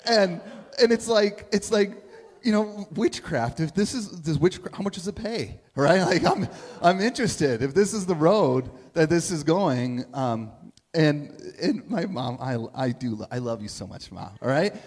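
Middle-aged guy preaching, chatty storyteller, kinda high voice, long hall reverb. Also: animated, normal speed, darkish tone. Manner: conversational storytelling, asks "right?" often. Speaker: pastor. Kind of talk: sermon.

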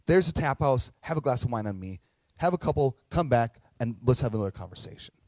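Casual rich vineyard boss, voiced by a preacher, breezy and offhand, dry mic. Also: male voice, medium pitch, expressive, fast, darkish tone, no room sound, natural voice. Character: easygoing wealthy male vineyard owner.

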